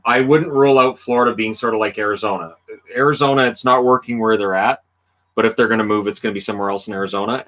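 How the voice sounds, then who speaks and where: A man's voice: fairly low pitch, fairly bright tone. A middle-aged man hosting a casual livestream, talking in an easygoing, rambling way with frequent ums while playing a hockey video game. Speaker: livestream host.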